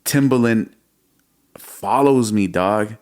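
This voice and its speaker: A man in his thirties, a music producer and podcast guest, telling his story in a lively, slangy way and calling the host bro. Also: lowish voice, slow pace. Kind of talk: casual storytelling interview.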